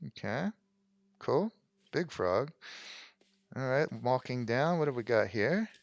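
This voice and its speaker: A man's voice: medium pitch, expressive, takes it slowly, creaky, dry recording, lo-fi sound. A man hosting a let's play, giving casual gameplay commentary in a rambling way with frequent ums. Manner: rambling, many ums and restarts.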